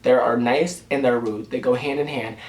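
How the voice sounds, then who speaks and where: A young man telling a rambling story to camera in a casual vlog, animated and swearing freely. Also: medium pitch, fairly quick, roomy sound, rough recording. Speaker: YouTuber.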